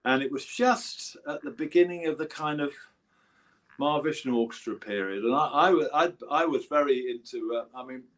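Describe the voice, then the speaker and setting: An Englishman in his seventies, a visiting musician in a relaxed interview, speaks at medium pitch and a moderate pace with a slightly bright tone. His anecdotes ramble and keep restarting.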